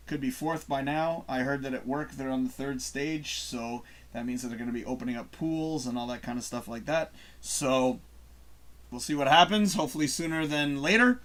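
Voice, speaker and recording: A man's voice: fairly high pitch, pushed and bright. A man hosting a live online talk show in a loose, chatty way, laughing often and reading viewer comments aloud. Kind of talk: casual live-stream chat.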